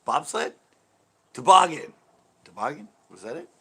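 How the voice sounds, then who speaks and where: A man's voice: fairly high pitch, lively intonation, normal speed, sharp tone, husky. A man hosting a fishing channel livestream, chatting casually with viewers in a rambling, laid-back way and laughing easily.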